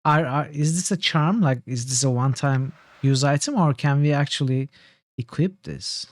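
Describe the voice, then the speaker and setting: A man's voice: medium pitch, moderate pace, no echo. A man streaming a role-playing game, thinking aloud and repeating himself as he checks items and maps. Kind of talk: casual gameplay commentary.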